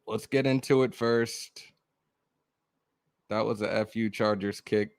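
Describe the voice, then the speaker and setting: A man's voice: medium pitch, clean tone, dry recording, studio quality. Hyped, profane male podcast host. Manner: excited, loud and profane. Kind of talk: casual live-stream chat.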